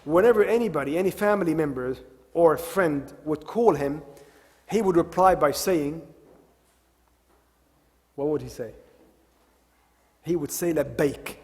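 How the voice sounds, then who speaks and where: A man with a fairly high voice gives a religious talk, retelling stories and circling back to repeat his main phrases. His words ring out with a long reverb in a large hall. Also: measured pace, long pauses, a little mellow. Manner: retells stories, repeats key phrases, mixes in Arabic devotional expressions. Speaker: religious lecturer. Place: Islamic center hall.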